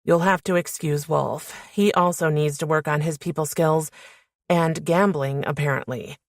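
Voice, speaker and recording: Narrator as exasperated young woman friend, low voice, dry close sound. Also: steady tone, moderate pace, dry recording. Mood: chiding.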